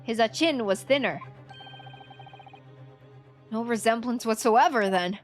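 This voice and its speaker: A woman's voice: a little high, measured pace, soft background music, close to an everyday voice. A woman voicing a curt, bossy male gang boss who speaks dismissively.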